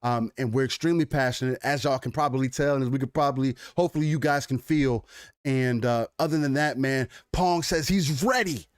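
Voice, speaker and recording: A man co-hosting a live gaming podcast, chatting casually with lots of fillers and restarts, energetic and warm toward the chat. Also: medium pitch, brisk, no room sound, clean studio sound. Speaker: podcast co-host.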